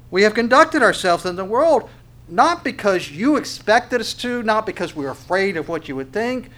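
A man's voice: sits high, bright, forceful tone. A man preaching an expository sermon on a Bible passage, asking rhetorical questions, building emphasis and often restarting his phrases. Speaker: pastor.

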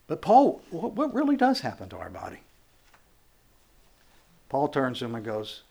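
A man's voice: medium pitch, wildly swooping pitch, moderate pace, gravelly, long pauses, warm tone. A man, a pastor, preaching a conversational sermon, acting out quotes and building to emphatic, raised passages.

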